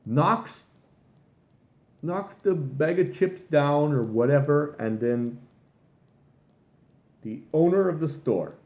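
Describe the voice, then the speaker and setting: A man's voice: medium pitch, narrow, tinny audio. Guy ranting and cursing, rambling on, echoey room, sounds like a phone mic. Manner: rambling, profane, exasperated. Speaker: vlogger. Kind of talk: casual rant.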